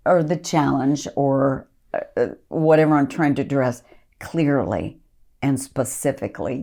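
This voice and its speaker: A woman's voice: extremely low pitch, mellow. A woman ministry leader giving an earnest podcast teaching talk, reading scripture aloud and coaching listeners.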